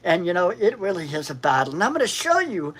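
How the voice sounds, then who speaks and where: A woman's voice: lowish voice, big pitch swings, fast, slightly rough, poor audio. A woman giving a crude, rambling comic monologue, slipping into quoted voices.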